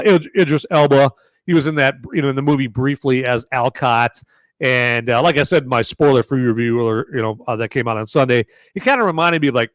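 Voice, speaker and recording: A man's voice: medium pitch, dry recording. Rambling male podcast host, dry sound. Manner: rambling, heavy on fillers and restarts. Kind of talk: casual live-stream movie review.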